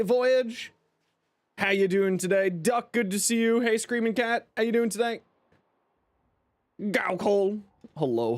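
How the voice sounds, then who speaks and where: Male game streamer, high voice, very animated pitch, casual chat with viewers. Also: no echo. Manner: greets chat by name, lively and upbeat; eating while talking.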